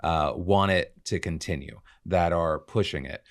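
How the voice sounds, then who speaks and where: Deep-voiced man, indignant and halting. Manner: indignant, profane, halting with restarts. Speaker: podcast co-host. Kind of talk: casual political chat.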